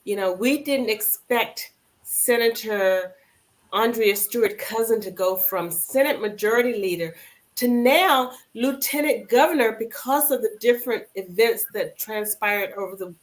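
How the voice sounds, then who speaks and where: A woman speaking as a guest on a radio talk show, earnest and with some pauses and fillers. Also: fairly high pitch.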